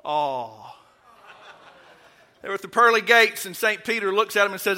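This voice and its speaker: Bright-voiced middle-aged preacher. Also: male voice, high-pitched, animated, normal speed. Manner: folksy, joking, swings into loud preaching. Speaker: guest preacher. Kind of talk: sermon. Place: church sanctuary.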